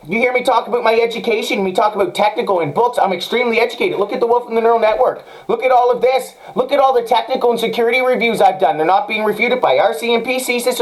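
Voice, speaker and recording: Male podcast host, high-pitched, furious profane solo rant. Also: rough recording. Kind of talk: angry solo commentary.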